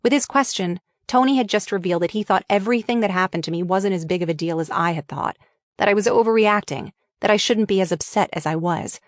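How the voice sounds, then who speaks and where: A woman reads her own memoir aloud in a frank, wry voice, swearing freely. Her pitch sits in the middle range. The recording is dry and close, with no room sound. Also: quick pace, dry recording. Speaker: author reading her memoir. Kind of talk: audiobook memoir narration.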